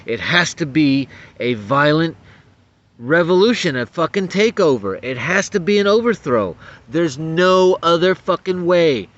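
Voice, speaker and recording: Agitated and profane, a man films himself ranting about politics, tripping over repeated words and restarting as he gets heated. His voice runs a little high, the lo-fi audio sounds dull, and there's slight background noise.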